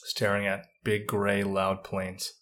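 Relaxed male podcast co-host. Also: fairly low pitch, slow. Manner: relaxed storytelling with filler words. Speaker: podcast co-host, retired airman. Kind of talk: casual chat.

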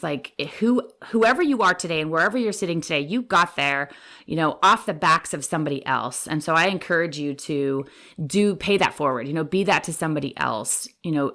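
Casting: middle-aged woman, lowish voice, animated storyteller who acts out quotes, interview guest. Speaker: guest, veterinary practice manager.

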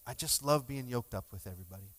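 Talking fast in a fairly bright mid-range voice, a male pastor gives a conversational, emotional sermon and jokes with his congregation. The church sanctuary adds long hall reverb.

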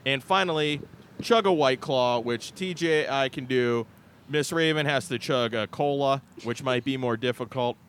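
A man's voice: mid-range voice, normal speed, fairly bright tone, slight background noise. Crude, wisecracking male podcast host. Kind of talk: casual joking chat, running a party game.

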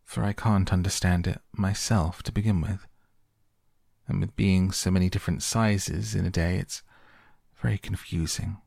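A man reading the lines of a polite, earnest young girl in a storybook, a little flustered, in a dry, gravelly voice. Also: sits low, steady tone, darkish tone, no room sound. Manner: polite, slightly flustered, quickening when anxious.

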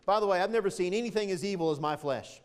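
A man preaching in a church sanctuary, his voice sitting very high for a man. He drives his points home with repeated, emphatic phrases and sounds close to emotion. A long hall reverb trails after each line. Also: fast talker, clear, resonant tone. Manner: impassioned, emphatic preaching with repetitions. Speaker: pastor. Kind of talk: sermon.

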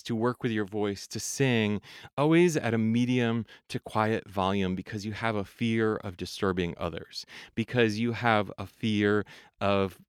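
A man hosting a podcast, teaching about the voice in an animated way and demonstrating as he talks. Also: lowish voice, clear, resonant tone, no room sound, clean studio sound. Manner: animated, demonstrates singing registers, laughs often. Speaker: voice coach and podcast host.

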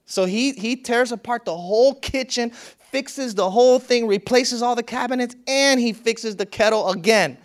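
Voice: mid-range voice, normal speed. A spiritual teacher giving a reflective teaching talk, telling a parable and repeating phrases for emphasis.

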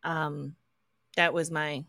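A woman's voice: deep voice, level tone, slow pace, creaky, pushed and bright, no echo, clean studio sound. A woman co-hosting a podcast, chatting casually and speaking openly about her own experience. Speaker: podcast co-host.

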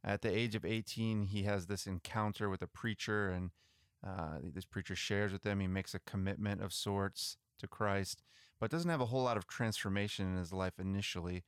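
A man with a fairly low, smooth and resonant voice tells church history stories in a relaxed, chatty way, often restarting his sentences. The sound is close and dry, with no room in it. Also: normal speed, no room sound. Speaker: podcast co-host. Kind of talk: casual storytelling about missionary history.

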